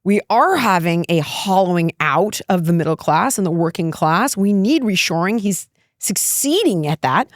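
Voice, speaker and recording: A woman's voice: lowish voice, lively intonation, normal speed, dry recording, studio quality. Emphatic, opinionated middle-aged woman. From United States. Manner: emphatic, opinionated, laughs often. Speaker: guest. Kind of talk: candid political talk.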